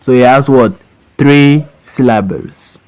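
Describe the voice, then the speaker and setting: Slow, patient male phonics teacher. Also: medium pitch, darkish tone, clean tone, lo-fi sound. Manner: stretches words out syllable by syllable, repeats them. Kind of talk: slow classroom phonics lesson. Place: voice-over for an online lesson.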